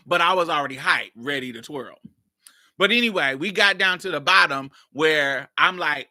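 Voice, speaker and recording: A woman podcast host telling a personal story in a blunt, profane, animated way. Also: sits low, moderate pace, no room sound, clean studio sound. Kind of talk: casual storytelling.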